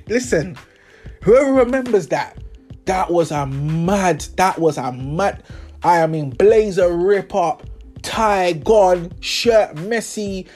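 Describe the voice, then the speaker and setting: This young podcast host tells stories in a monologue that is casual, slangy and sprinkled with swearing, and he impersonates the people he describes. His voice is high and a little mellow.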